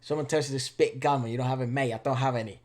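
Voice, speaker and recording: Young adult man, native Spanish speaker, casual co-host; animated, laughing, swears freely. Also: mid-range voice, very fast. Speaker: reaction video co-host. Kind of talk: casual storytelling chat.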